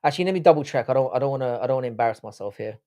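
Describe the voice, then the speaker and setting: A man's voice: medium pitch, lively intonation, racing, dark tone. A man with a London accent hosting a live stream, chatting casually, reading the chat aloud and trading crude banter. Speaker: livestream host.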